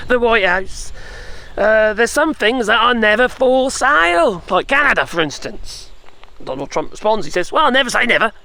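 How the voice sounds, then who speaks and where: Gravelly man ranting casually. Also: high-pitched, sharp tone. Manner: rambling, chuckling, sarcastic, with tag questions. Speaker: political commentator. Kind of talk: casual opinion vlog.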